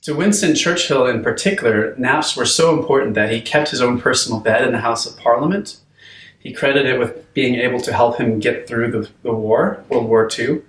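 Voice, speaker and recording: A man's voice: medium pitch, a bit bright, echoey room, far from the mic. A man teaching a video course on sleep, talking conversationally with frequent fillers and restarts. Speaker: course instructor. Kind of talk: unscripted video lesson.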